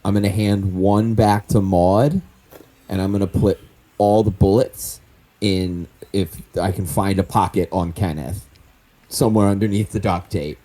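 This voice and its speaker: A man's voice: low voice, fairly even intonation, a little slow, dark tone. A man playing a tabletop role-playing game, decisive and laying out his plans step by step. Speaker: player.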